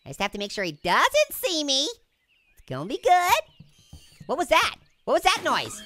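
A woman giving excitable, jokey let's-play commentary as a video game streamer, talking to her viewers as she plays. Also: sits high, moderate pace, loud music behind the voice.

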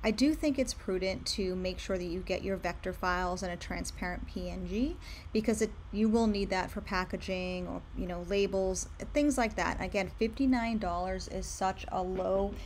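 A woman's voice: medium pitch, fairly even intonation, moderate pace, slight background noise. Chatty woman walking through design tools. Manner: upbeat, chatty, recommending. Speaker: candle brand owner. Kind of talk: screen-share tutorial.

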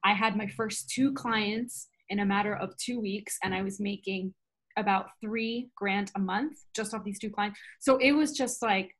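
A woman in her thirties, a podcast guest telling a travel story in a lively, casual way, often laughing and acting out quoted dialogue. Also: mid-range voice, measured pace.

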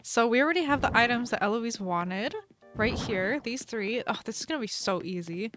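A young woman hosting a gaming channel, chatting through gameplay in a bubbly, gushing, excitable way. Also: on the high side, normal speed, faint music behind. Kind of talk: casual gameplay commentary.

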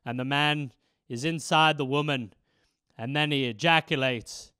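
A man putting on the slow, solemn voice of an earnest father explaining the facts of life. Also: on the high side, bright, forceful tone, clean tone, no room sound, studio quality, voice pushed down. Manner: slow, grave and tender. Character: earnest solemn father giving the sex talk.

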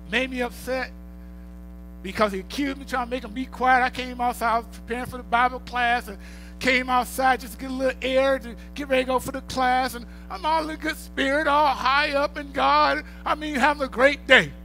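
A man's voice: extremely high pitch, sharp tone. A middle-aged male pastor, preaching a sermon with rising bursts of volume and storytelling.

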